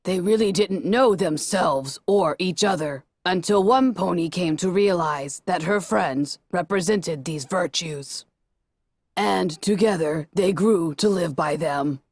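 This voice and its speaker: Robot orb voice, calm and lecturing, lower and slower than the reader, as a woman narrator puts it on; dry, close sound. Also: no echo. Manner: calm, lecturing, slightly hesitant. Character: disembodied voice speaking through a flying robot orb.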